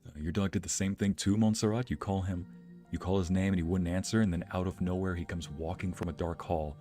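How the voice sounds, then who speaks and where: A young adult man chatting on a live stream in a very deep voice. He tells casual stories with animation and laughs often. Soft music plays faintly in the background. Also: steady tone, a little fast. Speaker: streamer and narrator. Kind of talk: casual storytelling chat.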